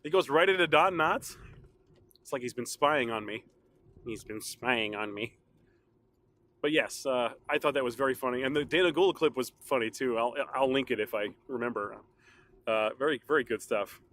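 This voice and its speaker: Hosting his own show alone, a man talks in a rambling, easygoing way and laughs a lot, though his throat is a little sore. His voice is medium-pitched and fairly bright, and he talks fairly quickly.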